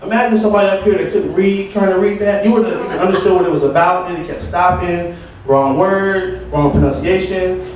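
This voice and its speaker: High-voiced man ranting at an open mic. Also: steady tone, brisk, darkish tone, slight background noise. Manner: rambling, ranting storytelling. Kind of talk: stand-up comedy. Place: open mic venue with audience. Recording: echoey room from far off, audience.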